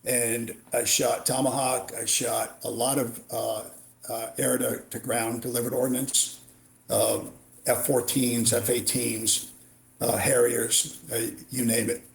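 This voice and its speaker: A middle-aged man tells war stories as a podcast guest, in the clipped style of a retired Marine officer. He acts out the back-and-forth of each exchange, and his voice sits at an ordinary pitch for a man. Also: slow pace, vocal fry. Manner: animated war storyteller, acts out dialogue. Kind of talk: storytelling interview.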